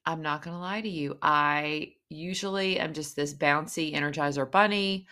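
A woman's voice: deep voice, normal speed, bright, forceful tone. A middle-aged woman, chatting casually and candidly to camera, rambling and poking fun at herself. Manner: rambling, candid, self-mocking storyteller. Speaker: vlogger. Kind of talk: casual chat.

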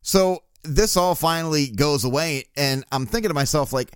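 Podcast guy cussing his way through a story, kinda high voice, dry studio sound. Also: moderate pace, smooth, no echo. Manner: profane, laughing anecdote telling. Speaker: podcast host. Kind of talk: casual storytelling.

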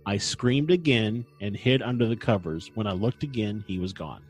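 A man's voice: lowish voice, moderate pace, breathy edge, soft background music. A man hosting a casual podcast, recounting events with dry humor and frequent fillers. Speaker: podcast host. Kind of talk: casual chat and storytelling.

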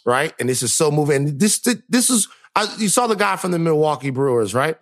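A man's voice: fairly high pitch, lively intonation, fairly quick, hardly any pauses. A young man co-hosting a podcast, telling stories playfully and animatedly, with lots of fillers. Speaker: podcast co-host. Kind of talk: casual podcast chat.

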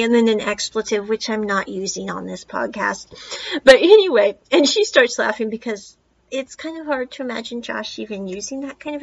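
A woman's voice: fairly high pitch, gravelly, muffled recording. A woman hosting a podcast, chatting through a film review in a rambling way, full of asides. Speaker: podcast host reviewing films.

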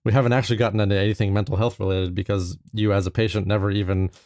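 A man's voice: fairly low pitch, little pitch movement, racing, a little mellow, no room sound, clean studio sound. A man co-hosting a podcast, chatting playfully in a casual comedic style with stammered restarts. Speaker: podcast co-host.

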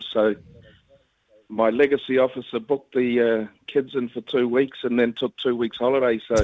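A man's voice: medium pitch, dry recording. A man in his fifties with a New Zealand accent, a rugby league club chief chatting as a phone guest in a rambling, friendly way, chuckling now and then. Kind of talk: casual phone interview. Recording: tinny phone line.

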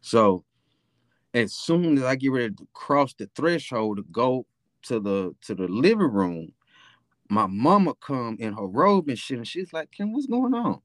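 A young man with a Memphis accent hosts a podcast, telling a profane, rambling story in a laid-back way, full of fillers. His mid-range voice is very animated yet unhurried, captured with clean studio sound and no room sound.

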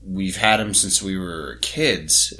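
Man, deep voice, podcast co-host, rambling casual talk, swearing. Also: takes it slowly, bright, forceful tone. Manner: rambling, swears, reads names off a list. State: has the hiccups. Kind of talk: casual sports podcast chat.

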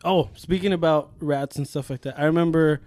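Young dude spinning a story on a podcast, kinda high voice, dry close mic, cussing and acting out people. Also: male voice, fairly quick, dry recording. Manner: animated, profane, acts out quotes in raised voices. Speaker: podcast co-host. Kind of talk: casual chat, storytelling.

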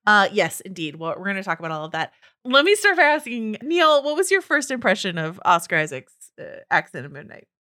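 A woman hosting a casual podcast panel, playful and quick to pass questions to her co-hosts. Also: medium pitch, pushed and bright. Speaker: podcast host.

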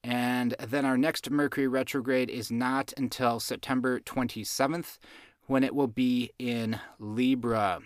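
A man hosting a casual astrology podcast, chatting in an unhurried way and laughing at his own jokes, on a close mic. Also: medium pitch, steady tone, smooth, no room sound. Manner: giggly, self-amused, unhurried. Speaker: podcast host.

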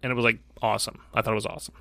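A man in his forties, a podcast co-host telling a story in casual chat, animated, swearing freely and acting out voices. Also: fairly low pitch, rapid-fire, vocal fry, dry recording.

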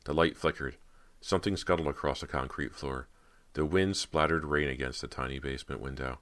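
A man narrating a horror audiobook in an even, measured way. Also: extremely low pitch.

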